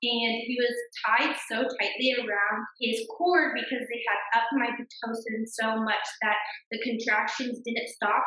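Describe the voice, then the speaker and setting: A young adult woman telling a personal story as a podcast guest, animated and acting out the voices of the people she quotes. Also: fairly high pitch. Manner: animated, mimics voices when quoting others. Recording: echoey room.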